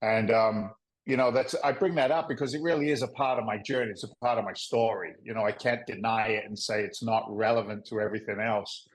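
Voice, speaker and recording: A man in his fifties from England, with an English accent tinged by Boston, telling stories as a podcast guest in a lively, joking way. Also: on the low side, fairly quick, low-quality recording. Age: 50s. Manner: lively, jokey, acts out voices. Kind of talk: animated interview storytelling.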